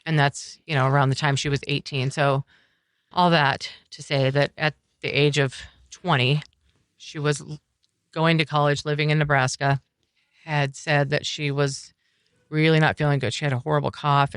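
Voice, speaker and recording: Earnest middle-aged woman, smooth dry voice. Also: low voice, little pitch movement, no echo. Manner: earnest, reflective, speaks in halting restarts. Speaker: podcast guest. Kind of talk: personal storytelling conversation. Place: coffeehouse.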